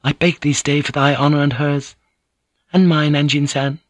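A man voicing a gentle, devoted noblewoman who speaks formally and soothingly. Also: on the high side, steady tone, normal speed, no echo, pitched above the performer's own voice, lightly acted. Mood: tender. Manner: soothing, formal old-fashioned speech.

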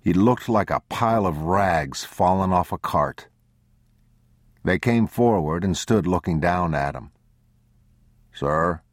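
Deep, slow male audiobook narrator. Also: no room sound, clean studio sound. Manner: measured, sombre and deliberate. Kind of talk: scripted literary narration.

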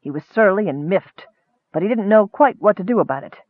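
Expressive male audiobook narrator, high and animated; narrow, dry recording. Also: brisk, dry recording. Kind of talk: storybook narration.

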